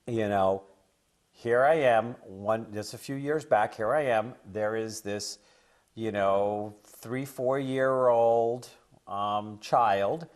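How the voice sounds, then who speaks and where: A man chatting on a talk show, rambling and conversational, who grows forceful and preachy when he lectures parents. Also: fairly low pitch, slow. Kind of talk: casual talk show chat and storytelling.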